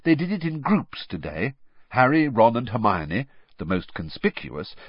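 A man reading a storybook aloud as an audiobook narrator, with expressive scripted narration. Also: mid-range voice, breathy edge, dry recording, highs cut off.

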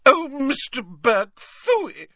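A man's voice: extremely high pitch, very animated, extremely slow, bright, forceful tone, no echo, clean studio sound, pitched above the performer's own voice, heavily acted. Man putting on a simpering old rich lady. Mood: coy gushing. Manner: simpering, coy, gushing.

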